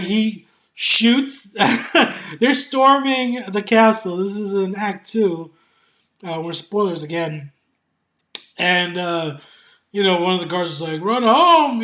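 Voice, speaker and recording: An excitable game reviewer talking casually, swearing often, laughing a lot and rambling with many fillers and restarts. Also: mid-range voice, dull audio.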